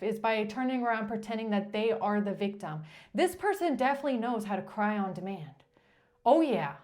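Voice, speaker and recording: A woman's voice: fairly high pitch, darkish tone. A woman giving a tarot reading in a blunt, emphatic way, cursing when she gets frustrated. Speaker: tarot reader.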